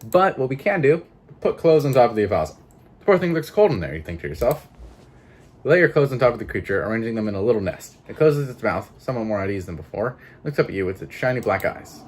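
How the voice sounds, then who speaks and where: A man's voice: on the low side, expressive, fast talker, a little hiss or hum. A man reading a narrative game aloud with casual, swearing commentary and laughing asides. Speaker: gameplay streamer.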